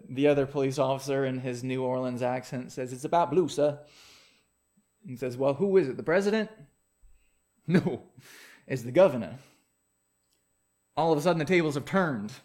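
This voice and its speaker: A man preaching a sermon, reading scripture, praying, then telling a story in a relaxed, conversational way. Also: a little high. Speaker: pastor.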